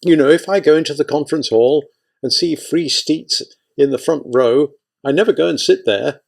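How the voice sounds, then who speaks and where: A man's voice: a little high, normal speed, vocal fry, voice pushed up. A man reading an audiobook, voicing a proud, insecure scientist husband who is irritable and self-pitying. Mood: brooding.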